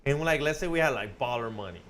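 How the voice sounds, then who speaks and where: A man's voice: mid-range voice, animated, quick pace, crowd noise. A man co-hosting a casual podcast, profane, spinning long joking hypotheticals. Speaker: podcast co-host. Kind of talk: casual chat.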